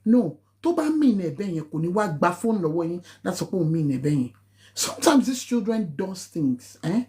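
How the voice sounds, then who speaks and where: A nurse with a Nigerian accent gives an impassioned live-stream talk, lecturing viewers like a preacher in a mellow, darker voice. She's emphatic and preachy, hammering her points and jumping up to high exclamations on sharp, insistent phrases.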